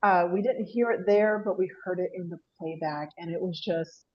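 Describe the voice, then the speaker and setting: A woman's voice: on the low side, moderate pace, dull audio. A woman presenting her paranormal investigations at an online panel, chatty and apologetic, laughing often. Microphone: video call.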